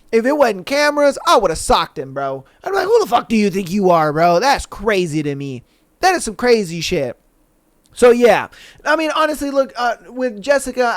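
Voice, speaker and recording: A man's voice: high voice, a bit bright, no room sound. A man hosting a podcast, giving a casual, profane, slang-heavy recap and mimicking the people he talks about. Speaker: podcast host.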